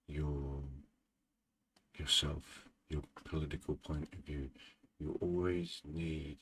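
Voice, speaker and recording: A man hosting a gaming channel, chatting casually in a vlog with a deep, groggy morning voice, short on sleep and rambling with dry asides. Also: little pitch movement, slow pace, fairly bright tone, slight background noise.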